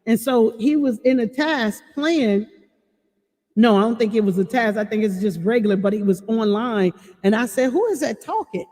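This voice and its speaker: Animated woman warning on a livestream. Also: a little high, moderate pace. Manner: animated, warning, reads chat comments. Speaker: livestream host. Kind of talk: casual livestream chat. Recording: long reverb with faint music.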